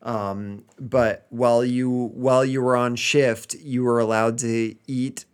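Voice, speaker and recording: A man's voice: mid-range voice, steady tone, slow pace, clear, resonant tone. A man from the United States co-hosting a casual podcast chat, hesitant, with frequent ums and restarts. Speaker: podcast co-host.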